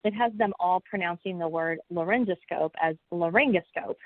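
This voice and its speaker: A folksy woman college teacher talks through her teaching habits in a webinar, with plenty of fillers and restarts. Her voice sits a little low. The sound is thin and phone-like, with no room echo, as if coming over a video call. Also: brisk. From United States. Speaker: college instructor. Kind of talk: webinar panel talk. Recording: tinny phone-like, dry audio.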